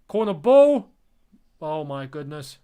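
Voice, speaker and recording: Hosting a live football watchalong, a young man reacts with exasperation and disbelief in a slightly high, warm, smooth voice. He takes it slowly but stays very animated, talking straight to his viewers as lads while commenting on the match.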